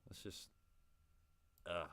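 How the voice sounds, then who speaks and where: A man's voice: slow, pushed and bright, no room sound. A man hosting a reaction video, talking casually with exasperated, profane remarks and laughing asides.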